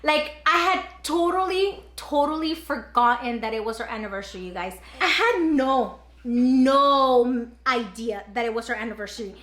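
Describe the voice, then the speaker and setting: A woman's voice: fairly high pitch, animated, normal speed, hardly any pauses, fairly bright tone. A young woman vlogging at home, telling a story to her viewers in a chatty way full of fillers. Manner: chatty, filler-heavy, "like" throughout. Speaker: vlogger, mother. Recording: roomy echo.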